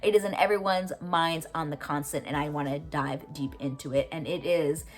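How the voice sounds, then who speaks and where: A woman's voice: sits low, steady tone, normal speed, faint music behind. A young woman recapping a TV episode in a casual, gushing way, swearing freely and saying "like" a lot. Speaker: TV reaction vlogger.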